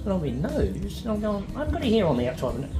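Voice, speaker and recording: A man's voice: sits high, huge pitch swings, racing. A man in his sixties telling a funny story over lunch in a casual, chatty way, acting out the voices he quotes and laughing as he goes. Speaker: family member at lunch. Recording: echoey room with loud music behind.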